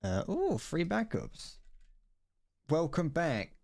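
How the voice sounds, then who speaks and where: A man's voice: a little high, huge pitch swings, slow pace, creaky, a little mellow. A British man in his twenties, chatting and joking through a live gaming stream in a rambling, playful way. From Britain. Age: 20s. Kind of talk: casual gaming commentary. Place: home room.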